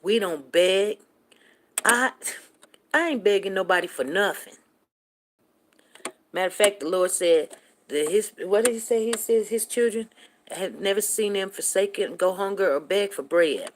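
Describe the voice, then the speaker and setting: A woman's voice: medium pitch, measured pace, pauses often, a little hiss or hum. A woman hosting a casual livestream, talking straight to her viewers in an emphatic, preachy way. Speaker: livestream host.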